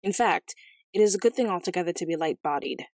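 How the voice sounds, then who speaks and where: A woman's voice: mid-range voice, lively intonation, fairly quick, darkish tone, dry recording. Woman doing a pompous, blustering king. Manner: blustering and self-important. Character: pompous, quarrelsome king, middle-aged man.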